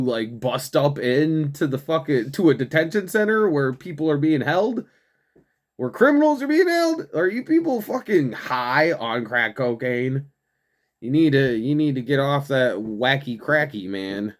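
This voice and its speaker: A young man hosting a show, ranting profanely through political commentary with frequent laughs and mockery. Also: mid-range voice. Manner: profane, laughs often, mocking. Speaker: show host.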